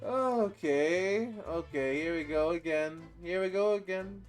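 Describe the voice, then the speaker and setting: A male streamer commenting live on a game, excitable and swearing, with sudden loud outbursts. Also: sits high, measured pace, faint music behind.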